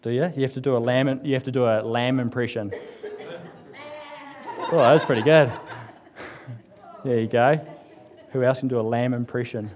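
A New man preaches at a church service in a loose, conversational way, joking with the congregation and sprinkling his talk with fillers. His voice sits at an ordinary middle pitch. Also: level tone, a little fast, crowd noise. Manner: chatty and joking, with frequent fillers. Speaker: church speaker. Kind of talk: casual humorous sermon.

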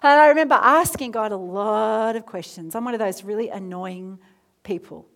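A woman preacher in her thirties leading a prayer, then telling her story with lively asides and soft near-whispered moments. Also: medium pitch, moderate pace, vocal fry. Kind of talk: sermon with prayer.

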